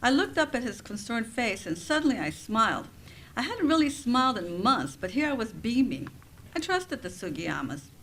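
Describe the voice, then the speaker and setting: A woman professor and author reading her own nonfiction aloud at a campus writing center event, with expressive, wry storytelling. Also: fairly high pitch, normal speed, a little hiss or hum, low-quality recording.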